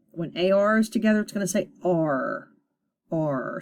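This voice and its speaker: Female teacher, slightly low voice, cheerful, stretches out phonics sounds for kids. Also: animated, a little mellow. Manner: upbeat, deliberate sounding out of sounds. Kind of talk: recorded phonics lesson for young students.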